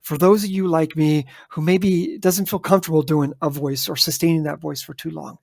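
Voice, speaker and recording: A man's voice: a little high, steady tone, normal speed, gravelly, a little mellow, no echo, clean studio sound. A man co-hosting a podcast in casual chat, emphatic and addressing listeners directly. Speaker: podcast co-host.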